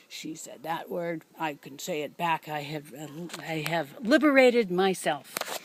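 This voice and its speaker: An older woman with a slightly low voice tells a personal story at her own pace. She is reflective and hesitant, filling pauses with ums and restarting her sentences as she thinks aloud. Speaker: vlogger and cat rescuer.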